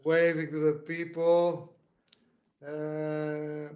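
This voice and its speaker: A man playing a tabletop game calmly describes what his character does. His voice is a touch high for a man, and the sound is dull and lo-fi. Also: extremely slow. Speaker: player.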